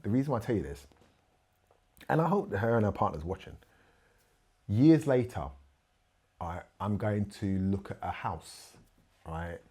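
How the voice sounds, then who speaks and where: A middle-aged man with a husky, slightly breathy voice. He sits in as a podcast guest and tells a frank story from his life, full of feeling. He acts out the other people's lines as he goes. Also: fairly low pitch, animated, moderate pace, long pauses, a little mellow. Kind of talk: candid storytelling chat.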